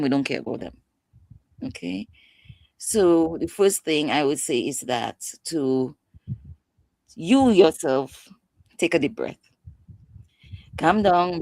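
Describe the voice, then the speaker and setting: Woman, low voice, dry close sound, passionate and emphatic expert guest. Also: a little mellow, dry recording. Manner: passionate, emphatic, acts out quotes. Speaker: guest expert on mental health. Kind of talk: instructive interview talk.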